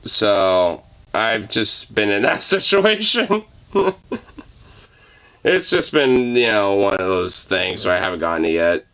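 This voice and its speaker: A man's voice: fairly low pitch, expressive, slow, pushed and bright, clear, resonant tone. A young man in casual chat, rambling, laughing and swearing freely. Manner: cooing baby talk to a dog.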